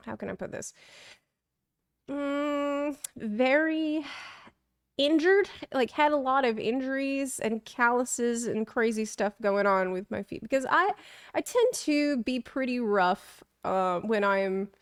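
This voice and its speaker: Young woman streamer just chatting, slow easygoing talk, bit high voice, laughs a lot at herself. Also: clean tone, no room sound, studio quality. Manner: rambling, self-deprecating storytelling with frequent laughs. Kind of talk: casual chat.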